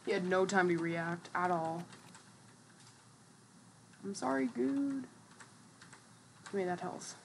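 A woman's voice: fairly low pitch, flat delivery, normal speed, few pauses, a little hiss or hum. A woman giving casual gameplay commentary as a streamer, chatty and trash-talking, with lots of fillers. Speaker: gaming streamer.

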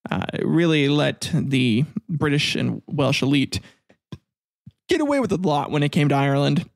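A man's voice: on the high side, expressive, moderate pace, vocal fry, dry recording, clean studio sound. A man hosting a history podcast in casual chat, rambling between reading notes and crude joking asides. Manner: rambling, jokey, crude asides, frequent laughs. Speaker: podcast host.

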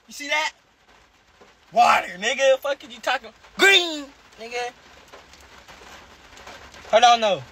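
This man, a rapper from Charlotte, North Carolina, speaks with a Southern American accent in an extremely high, pushed, bright voice. He's on a phone livestream, rambling and swearing while responding to comments from viewers.

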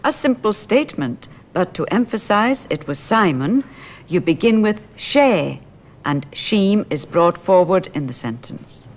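A woman narrates a language lesson in a somewhat low voice that rises and falls freely. She explains grammar points at an unhurried, deliberate pace. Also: lively intonation. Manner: slow, clear, explaining grammar.

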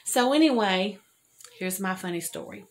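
An older woman talks straight to her viewers in a loose, homey storytelling way. She rambles, loses her thread and laughs at her own jokes. Her voice sits at an ordinary middle pitch. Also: animated, moderate pace. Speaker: homesteading vlogger.

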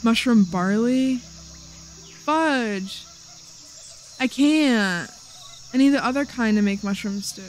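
A woman's voice: on the high side, slow, long pauses, slight background noise. A woman hosting a casual let's-play video, chatting playfully to herself as she plays. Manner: playful, chatty, talks to herself while playing. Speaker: gaming video host.

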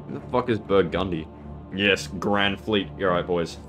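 A man giving casual gameplay commentary, excitable and profane, with sudden loud outbursts. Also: low voice, normal speed, faint music behind. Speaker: gaming video creator.

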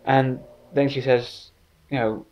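A man's voice: medium pitch, steady tone, slow pace, a little mellow, a little hiss or hum. An English man with an English accent, a writer telling a comic story in a wry, self-deprecating way. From England.

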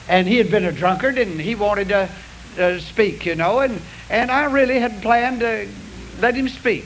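A pastor with a high, somewhat bright voice preaches a sermon, telling stories to his congregation in a folksy, confessional way with a drawl. The audio is poor, coming from a hissy old radio broadcast.

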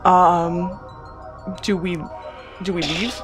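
Young woman let's-player, excitable and gasping, lively up-and-down delivery, unhurried between bursts; guitar music behind. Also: medium pitch. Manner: excitable, gasps and frequent exclamations. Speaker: let's play gamer. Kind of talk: casual gameplay commentary.

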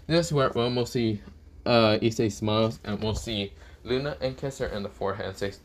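A man's voice: medium pitch, normal speed, slight background noise. A young man narrating an improvised fan-fiction story, rambling with lots of fillers and restarts. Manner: rambling, many fillers like "this is where, well, mostly".

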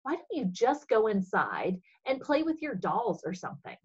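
A woman voicing a rude older boy in a storybook reading, grumbling and scornful, with a husky voice. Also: on the high side, big pitch swings, normal speed, a little mellow, dull audio. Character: rude older boy, a little-league pitcher.

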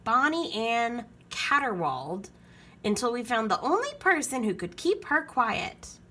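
A woman reading a children's picture book aloud with expressive storytelling. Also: on the high side, unhurried, slight background noise.

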